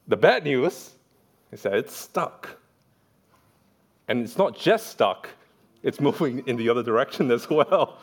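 A man's voice: medium pitch, expressive, a little slow. A man preaching a sermon in a church, telling funny anecdotes and acting out the voices of the people in them. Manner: storytelling, playful, acts out quoted voices.

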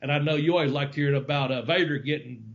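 A man's voice: mid-range voice, steady tone, fast. A man hosting a podcast and telling a rambling, profane story with frequent laughs. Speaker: podcast host. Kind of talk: casual storytelling. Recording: lo-fi, dull audio.

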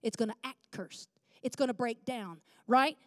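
A woman's voice: a little high, normal speed, no echo, studio quality. A woman preaching a conversational sermon, emphatic and asking the congregation questions.

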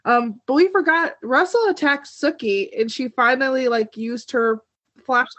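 A woman's voice: sits high, moderate pace, fairly bright tone, dry recording. A young woman co-hosting a casual TV recap chat, talking with lots of fillers and frequent laughter. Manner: chatty, laughs often, many "like" fillers. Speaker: podcast co-host. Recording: dull dry lo-fi sound.

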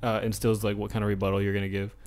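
A young man co-hosting a podcast in relaxed casual chat, joking and swearing freely. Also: on the low side, rapid-fire. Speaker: podcast co-host.

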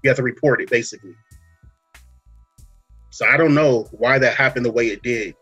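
Husky man telling stories casually. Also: mid-range voice, normal speed, dull audio, faint music behind. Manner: relaxed storytelling, many fillers and "you know what I'm saying". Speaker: podcast host. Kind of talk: casual chat.

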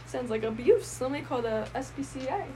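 A woman's voice: sits high, animated, brisk, dark tone, a little hiss or hum. A woman co-hosting a casual podcast, telling stories with swearing and acting out the people she quotes. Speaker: podcast co-host. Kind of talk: casual chat.

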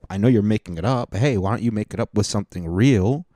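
A man's voice: on the low side, fast, dark tone, dry recording. A man hosting a casual monologue, rambling and swearing through mock rants. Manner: rambling, profane, mock-ranting.

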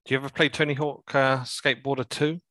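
A man co-hosting a podcast, tossing in brisk, wry asides. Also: mid-range voice, flat delivery, loud music behind the voice. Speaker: podcast co-host. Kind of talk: casual chat.

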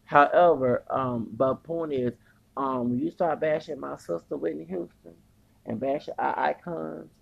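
Gravelly ranting podcast host. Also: medium pitch, unhurried, lo-fi sound. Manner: heated, cursing, stumbling restarts, repeated "okay?". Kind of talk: heated profane rant.

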